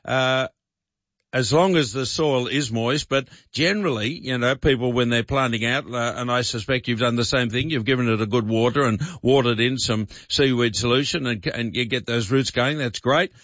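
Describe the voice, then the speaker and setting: Croaky Australian radio garden host. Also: male voice, medium pitch, normal speed, a bit bright, no room sound, muffled recording. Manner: rambling, many restarts and fillers. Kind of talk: talkback radio advice.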